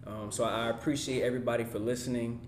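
A man with a mid-range voice hosts a podcast and wraps up the episode in a heartfelt, plain-spoken way. The room sounds roomy and echoey, with a faint low rumble underneath. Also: flat delivery, quick pace. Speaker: podcast host. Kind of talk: casual chat.

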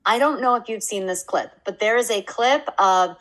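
A woman's voice: medium pitch, moderate pace, low-quality recording. Bubbly young woman podcast co-host. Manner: bubbly, laughs often, quotes people in animated bursts. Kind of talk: casual chat.

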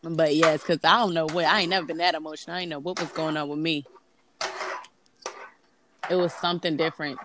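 A woman's voice: deep voice, steady tone, fairly quick, long pauses. A woman talking candidly in a casual chat about new motherhood, dropping words as she talks. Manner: candid, conversational, drops verbs. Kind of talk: casual chat among moms. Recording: background noise.

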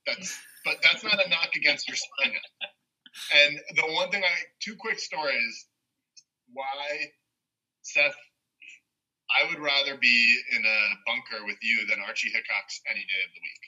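A man's voice: mid-range voice, measured pace, pauses often, sharp tone, slightly rough. A young man telling a rambling story in casual chat on a podcast, laughing often. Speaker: podcast co-host. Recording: dull lo-fi sound.

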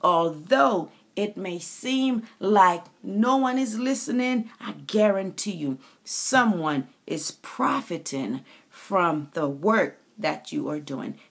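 Slow-talking gravelly woman from the Caribbean. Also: on the low side, lively intonation. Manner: preachy, calls listeners honey and baby. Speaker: author and inspirational speaker. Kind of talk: faith-based motivational monologue.

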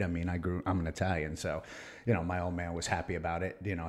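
A middle-aged man on a casual podcast, spinning long anecdotes and jumping into the voices of the people in them. His voice sits a little low, and his delivery stays lively and conversational. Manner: animated storyteller acting out quoted exchanges. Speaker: guest.

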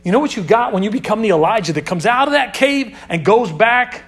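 A young man with a high voice preaches to a youth group. He talks casually and calls the listeners dude. He pushes some lines loud and drops others to a near hush. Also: lively intonation, a little fast. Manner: swings between loud emphasis and hushed, dropped asides. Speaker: youth pastor. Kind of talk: sermon.

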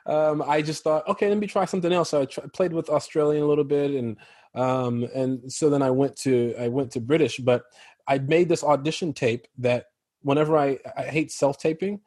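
An American man with a husky, slightly rough voice tells stories in a relaxed interview chat. His pitch sits in the middle range, and he laughs often as he talks. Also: normal speed, dry recording. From Chicago, United States. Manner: animated storyteller, laughs often. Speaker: actor guest.

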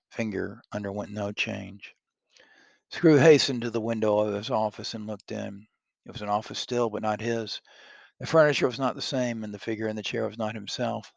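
A man reading a classic story aloud, pausing to explain passages and reread lines. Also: lowish voice, creaky, no room sound. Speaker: reader.

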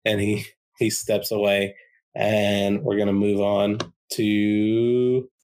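Slow-paced man running a tabletop game. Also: lowish voice, poor audio. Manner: relaxed, rambling with fillers. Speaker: game master.

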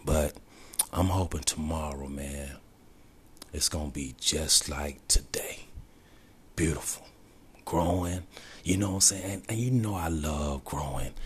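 A man with an extremely deep, husky voice speaks in a personal video diary. He is emotional and holding back tears, reflective, and often sinks into a breathy whisper. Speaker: vlogger.

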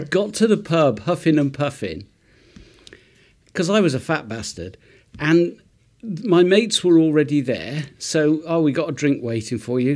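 A man from Wales, a podcast co-host telling a self-mocking anecdote in casual chat, getting animated as the story builds. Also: a little high.

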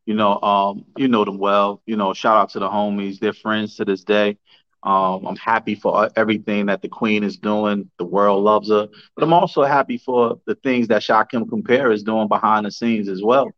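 A man's voice: on the low side, steady tone, normal speed. New guy telling stories on a podcast, laid back and slangy, kinda dull lo-fi sound. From New Jersey. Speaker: guest, councilman and rapper. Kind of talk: casual interview talk.

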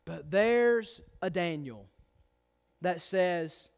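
A pastor preaching a sermon with emphatic, insistent delivery and frequent repeated restarts. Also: male voice, sits high, expressive, extremely slow, gravelly, clear, resonant tone.

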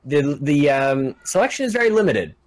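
A man's voice: a little high, big pitch swings, brisk. A man in his thirties, a guest on a casual podcast, telling rambling, jokey stories.

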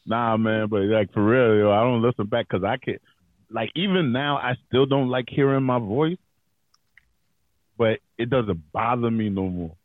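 A man hosting a podcast in casual chat, slangy and profane, with a radio-style voice and quick laughs. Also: medium pitch, no room sound, narrow, tinny audio. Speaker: podcast host.

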